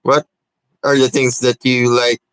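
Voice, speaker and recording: A man co-hosting a casual podcast chat, asking his friend halting, teasing questions. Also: medium pitch, little pitch movement, fairly bright tone, smooth, no room sound, poor audio. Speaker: podcast co-host.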